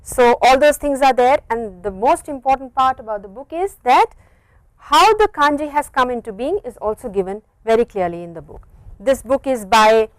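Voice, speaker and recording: A woman lecturing to a university class, patient and clear, repeating phrases slowly to model them. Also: a little high, no echo, poor audio. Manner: stretches words to model pronunciation. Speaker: university language teacher.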